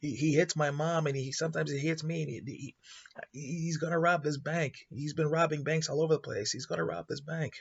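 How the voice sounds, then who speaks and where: A man's voice: a little high, fairly even intonation, fairly quick, vocal fry, husky, no echo, dull audio, pitched above the performer's own voice. A man doing a frightened little boy. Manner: urgent, repeating himself. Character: frightened eight-year-old boy, urgent.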